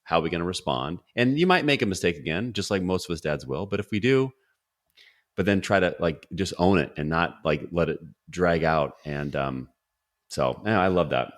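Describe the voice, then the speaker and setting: A man's voice: deep voice, expressive, moderate pace. A middle-aged man hosting a podcast, casual and enthusiastic, dropping words like dude and bro. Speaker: podcast host. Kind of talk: casual interview chat.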